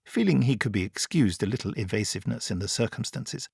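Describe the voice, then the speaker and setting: Guy reading an audiobook, steady storytelling, dead dry studio sound. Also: medium pitch, vocal fry, slightly rough, dry recording. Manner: measured, even storytelling. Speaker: audiobook narrator. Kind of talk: scripted narration.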